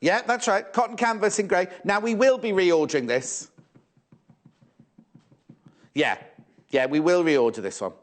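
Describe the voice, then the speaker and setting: A man's voice: high-pitched, a little slow, pauses often. A man presenting fabrics live on a shopping channel, chatty and teasing, often repeating prices and stock levels.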